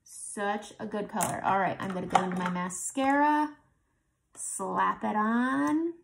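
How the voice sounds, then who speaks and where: A woman narrates a makeup tutorial in a casual, chatty way, walking through every step as she works. Her voice carries a gravelly, creaky texture. She sits close to the mic and sounds relaxed and conversational. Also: medium pitch, a little slow. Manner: chatty, talks through each step while applying makeup.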